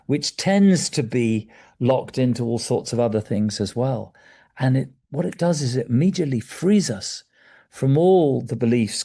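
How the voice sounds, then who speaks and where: A man in his sixties talks in a gentle, wandering, reflective way, now and then sinking to a hushed near-whisper. His voice is gravelly with a dark, mellow tone. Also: medium pitch. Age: 60s. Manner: gentle, meandering, drops to soft near-whispers. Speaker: guest speaker on breathwork. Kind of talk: reflective conversational talk.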